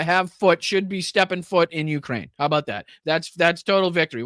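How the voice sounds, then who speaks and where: A man with a Boston accent hosts a political show in an angry, profane rant. His voice sits fairly high and sounds dry, close and free of room echo. He stumbles over fillers when he thinks mid-sentence. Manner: profane, angry, shouting rants with many filler pauses. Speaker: host. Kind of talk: ranting political commentary.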